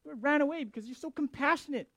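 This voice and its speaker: A man voicing an angry, sulking male prophet who complains in a high, exasperated voice. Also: fast, fairly bright tone, no echo. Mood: whiny, exasperated.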